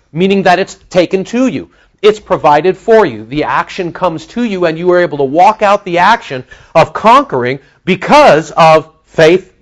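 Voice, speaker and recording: A man preaching a sermon, teaching with rhetorical questions to his congregation. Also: fairly high pitch.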